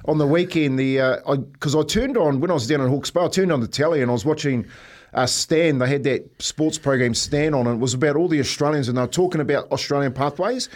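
Chatty New Zealand radio host. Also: male voice, fairly high pitch, fast talker. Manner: rambling, laughing storyteller. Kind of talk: casual breakfast radio chat.

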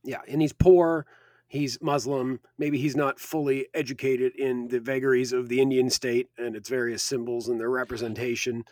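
A man's voice: mid-range voice, level tone, moderate pace, a little mellow, dry recording, studio quality. A man co-hosting a podcast, talking bluntly and sarcastically about a film. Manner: blunt, sarcastic, swears casually. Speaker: podcast co-host. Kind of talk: casual film discussion.

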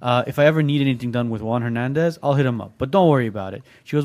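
Guy rattling off a story to his buddies, quick, acts out the callers. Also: medium pitch. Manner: animated storyteller, mimics callers. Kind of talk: casual banter among friends.

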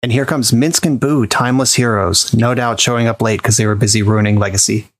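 A man's voice: mid-range voice, fairly even intonation, fairly quick. A man presenting an award as a playful mock live news report.

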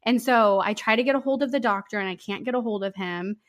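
A woman guest on a podcast telling her own story candidly, in an open, halting way with many fillers and restarts. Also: on the high side.

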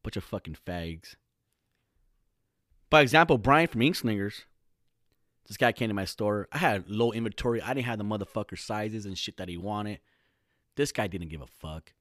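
A man ranting casually to camera, swearing heavily in fast slangy talk that swings into loud outbursts. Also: fairly low pitch, no room sound, clean studio sound. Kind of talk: casual profane rant to camera.

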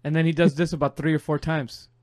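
A young man chatting on a podcast and spinning a long, meandering story, with a slightly high-pitched voice that sits close to a dry microphone. He keeps breaking into laughs and drops low whenever he quotes someone. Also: little pitch movement, fast talker, darkish tone, no room sound. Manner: rambling, laughs often, quotes others in a low voice. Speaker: podcast co-host. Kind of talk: casual storytelling chat.

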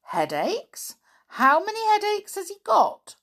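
A woman's voice: on the low side, sing-song, takes it slowly, gravelly, full character voice. A woman voicing a sly, grinning male squirrel shopkeeper in a children's storybook, amused and teasing.

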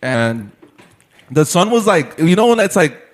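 A man's voice: fairly high pitch, very animated, measured pace. A young man telling a rambling story in casual chat with friends, full of swearing, fillers and laughter.

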